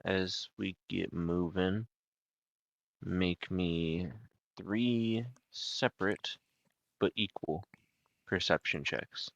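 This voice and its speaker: Young man, game master narrating a tabletop game, deep voice, dry close sound, laid-back. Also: steady tone, drawn-out words, creaky, pauses often, a bit bright, no echo, muffled recording. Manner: laid-back, joking asides.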